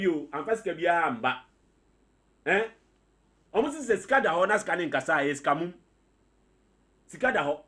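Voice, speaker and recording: Ghanaian man, radio panelist, high lively voice, insistent. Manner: animated, insistent, mixes English, Pidgin and Twi. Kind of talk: heated radio debate.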